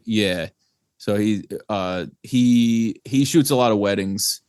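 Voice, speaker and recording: A man's voice: lowish voice, slow pace, a little mellow, clean tone, no echo, clean studio sound. A young man from New Jersey, a guest, chatting casually on a podcast in a laid-back, rambling way and swearing freely. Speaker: guest, band singer.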